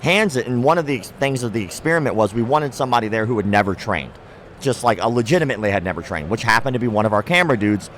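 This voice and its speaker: A young man telling a lively story as an interview guest, slipping into quick voices for the people he quotes and cursing casually. His voice sits mid-range, and faint outdoor traffic hums behind him. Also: medium pitch. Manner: animated storyteller who acts out quoted people, swears freely. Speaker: martial arts content creator, guest. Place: outdoors at a trade show.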